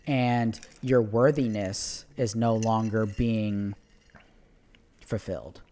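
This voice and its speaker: A man's voice: lowish voice, steady tone, slow pace, mellow. A man co-hosting a podcast, speaking emphatically and joking around while giving opinions about relationships. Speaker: podcast co-host. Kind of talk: casual chat.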